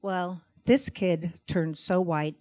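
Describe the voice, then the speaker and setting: A middle-aged woman telling a stand-up story on a live comedy stage, wry and animated, breaking into loud outbursts. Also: lowish voice, takes it slowly.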